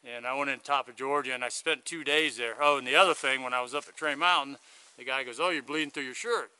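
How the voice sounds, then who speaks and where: A man's voice: medium pitch, steady tone, fast talker, pushed and bright, smooth, no echo. A man chatting to a handheld camera outdoors on a hiking trail, rambling through a long story in a casual vlog. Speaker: hiker vlogging his thru-hike. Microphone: handheld video camera.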